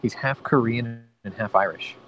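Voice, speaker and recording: A man's voice: mid-range voice, moderate pace, a bit bright, a little hiss or hum, low-quality recording. A man co-hosting a casual show, telling rambling, profane stories. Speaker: co-host. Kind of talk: casual chat.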